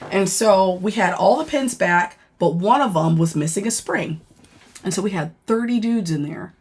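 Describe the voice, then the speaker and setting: A woman's voice: lowish voice, husky. Woman animatedly telling a work story. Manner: animated, profane, laughing and dramatizing; chatty with many fillers. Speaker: former corrections officer. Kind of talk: casual livestream storytelling.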